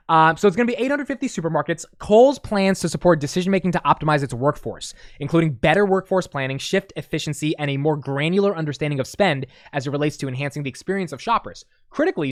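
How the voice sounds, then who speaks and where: A man hosting a stock market video, giving casual, emphatic investing commentary with excitement. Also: a little high, no echo, clean studio sound. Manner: excited, emphatic, talks fast.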